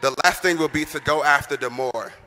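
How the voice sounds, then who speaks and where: A young man delivers a graduation address with a bright, forceful tone. He rallies the audience and has them call words back to him. His voice rings through a large arena with a long reverb. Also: on the high side, brisk. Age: young adult. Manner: rousing, calls on the audience to respond. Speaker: senior class president. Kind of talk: commencement speech. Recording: long echo of a big arena.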